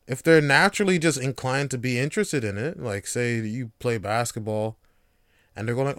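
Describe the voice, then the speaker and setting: A man's voice: fairly high pitch, a little fast, smooth, no room sound, studio quality. A man hosting a casual solo podcast monologue, joking, swearing and laughing often. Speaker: podcast host.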